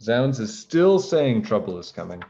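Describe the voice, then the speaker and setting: A man reading a picture book aloud to children, gently explaining words as he goes. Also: mid-range voice, very animated, unhurried, highs cut off. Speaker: teacher reading a storybook aloud.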